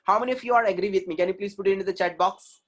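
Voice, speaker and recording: An Indian-accented man gives an online webinar talk as a communication trainer, with a voice pitched high for a man. He speaks emphatically, repeats his key points and often asks the audience questions. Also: very fast.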